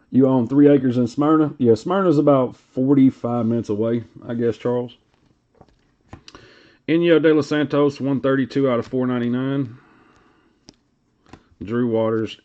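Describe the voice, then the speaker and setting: A man's voice: mid-range voice, a little mellow. A man with a Tennessee Southern accent hosting a live card break, reading off player names in a laid-back drawl while chatting with viewers. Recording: lo-fi stream audio.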